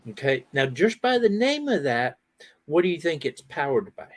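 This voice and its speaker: A middle-aged man hosting a casual outdoor chat, telling animated stories and laughing often. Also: on the high side, normal speed. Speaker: host.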